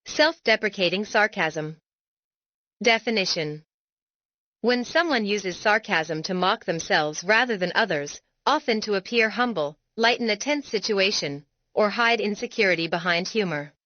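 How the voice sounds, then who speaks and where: A woman with a bright, forward voice reads an educational script in a measured, deliberate way. The audio is dry and slightly dull, like a modest home setup. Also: mid-range voice, animated, no echo. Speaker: educational narrator. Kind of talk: scripted explanatory narration.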